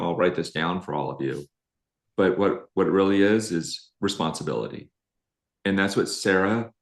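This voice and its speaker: A deep, low-pitched middle-aged man on a live relationship show, telling stories in an animated, self-deprecating way. His voice carries a roomy echo from the space around him. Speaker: relationship coach co-host. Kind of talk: live-streamed conversational talk.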